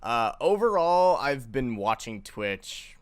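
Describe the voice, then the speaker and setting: A man's voice: mid-range voice, sing-song, slow pace, clean tone, dry recording. A twenty-year-old man, a guest streamer, chatting casually and joking around on a podcast. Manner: joking, rambling, easygoing. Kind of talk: casual chat.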